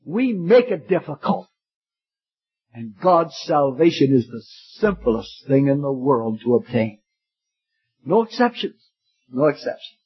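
Emphatic husky-voiced male preacher. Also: high voice. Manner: emphatic, repeating phrases, addresses listener as friend. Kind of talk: evangelistic sermon. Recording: dull lo-fi sermon recording.

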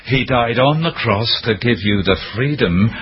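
A man's voice: medium pitch, expressive, unhurried, highs cut off, a little hiss or hum. A man preaching a sermon with impassioned emphasis, breaking into dramatic cries.

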